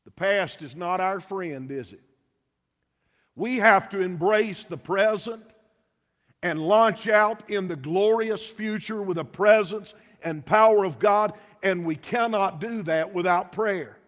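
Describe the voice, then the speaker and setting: A man's voice: high voice, slow, fairly bright tone. A man preaching a sermon as pastor, emphatic and full of rhetorical questions, in a church. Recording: long hall reverb.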